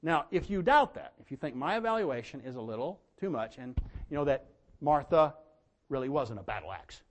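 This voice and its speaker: A man preaching a sermon, telling folksy stories and swinging from quiet asides to loud, emphatic bursts. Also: medium pitch, sing-song, a little fast.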